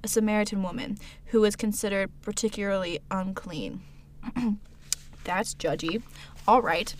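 A woman's voice: mid-range voice, moderate pace, a little mellow, slight background noise. A woman co-hosting a podcast, reading a devotional aloud and laughing off her own stumbles over words. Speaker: podcast co-host.

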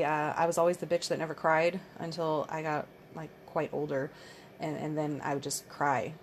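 Low-voiced candid woman in her thirties. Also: slight background noise. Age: 30s. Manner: candid, rambling, swears a lot. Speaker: podcast host. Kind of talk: casual monologue.

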